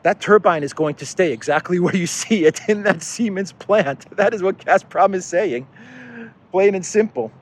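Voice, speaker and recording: A man's voice: sits high, normal speed. A man hosting an unscripted commentary monologue, talking casually with a sarcastic, exasperated edge and mocking officials. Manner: sarcastic, exasperated, mocks officials in put-on quotes. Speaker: political commentary host.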